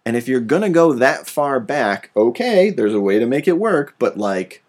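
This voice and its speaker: A man's voice: medium pitch, sing-song, normal speed, a little mellow. A man hosting a casual podcast chat, ranting animatedly and swearing freely.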